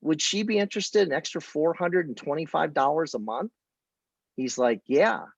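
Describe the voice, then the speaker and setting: A man's voice: fairly high pitch, normal speed, vocal fry, breathy edge, no room sound, muffled recording. A man coaching people on how to present a business opportunity, telling stories and acting out conversations in a casual way. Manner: storytelling, quoting conversations. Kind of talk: casual training talk.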